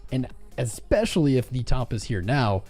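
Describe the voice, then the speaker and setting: Lively male crypto livestream host. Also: mid-range voice, normal speed, soft background music. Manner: thinking aloud, reading numbers from chat, frequent restarts. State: chapped cuticles from cold weather. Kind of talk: casual live-stream chat reading viewer comments.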